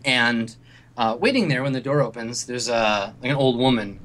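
A man acting as game master, narrating a tabletop scene. He rambles casually, piling on fillers and restarts. His voice sits at an everyday middle pitch. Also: moderate pace, a bit bright, slight background noise.

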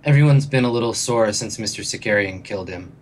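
A man voicing a calm, low robot crewmate. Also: fast talker, slight background noise, natural voice.

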